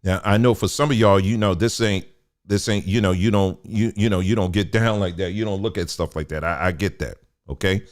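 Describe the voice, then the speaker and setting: Low-voiced man reading with heated asides. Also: fairly quick. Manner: conversational, stops to add remarks, gets heated. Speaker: commentary host. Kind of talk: reading an article aloud with commentary.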